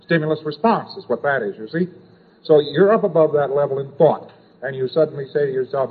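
A man's voice: fairly high pitch, expressive, a little fast, slightly rough. A man giving an informal lecture, rambling and repetitive, dropping in sound effects and asides. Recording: tinny old lecture tape.

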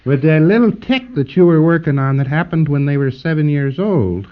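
A man's voice: medium pitch, lively intonation, normal speed, hardly any pauses, phone-quality sound. A man giving a conversational, jokey lecture to trainees, acting out little scenes as he explains.

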